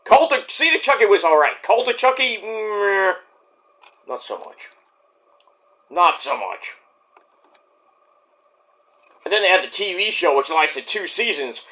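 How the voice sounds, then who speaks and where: New dude rambling on his podcast, swears a lot, kinda high bright voice. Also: very animated, moderate pace, long pauses. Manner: rambling and profane, trailing off. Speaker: podcast host. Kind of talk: casual solo commentary.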